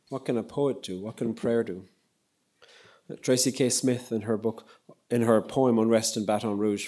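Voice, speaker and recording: A man giving a public lecture on poetry and prayer, in a measured, reflective way with frequent pauses. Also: mid-range voice, darkish tone. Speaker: lecturer and poet. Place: lecture hall.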